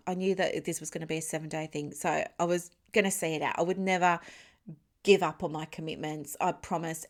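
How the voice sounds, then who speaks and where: Woman business mentor, solo podcast, lively storyteller who explains things plainly. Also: fairly low pitch. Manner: chatty, animated storytelling with laughs; explains terms plainly, with asides to the listener.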